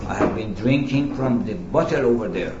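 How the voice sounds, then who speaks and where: A man's voice: lowish voice, animated, normal speed, noisy background. A man voicing a happy, stubborn drunk man who gives playful circular answers, in an echoey, lo-fi recording. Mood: cheerful. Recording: echoey, dull lo-fi room recording.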